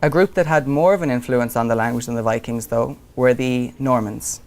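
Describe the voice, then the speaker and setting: A man in his younger years lectures a university class in a lecture room. His pitch sits in the middle, and his delivery is conversational and unhurried. He fills his pauses with ums as he thinks aloud. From Ireland. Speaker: visiting lecturer.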